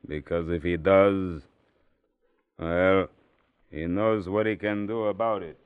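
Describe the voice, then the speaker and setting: A man's voice: low voice, fairly even intonation, slow pace, clean tone, dry recording. An actor playing a hostile male cook with a criminal past, sneering in 1940s radio acting style. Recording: tinny old radio broadcast.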